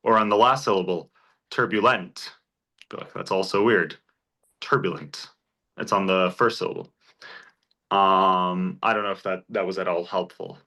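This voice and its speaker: A man's voice: sits low, fairly even intonation, moderate pace, pushed and bright. A man teaching a Greek class in a church classroom, explaining step by step and encouraging his students with examples. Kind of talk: informal class lecture.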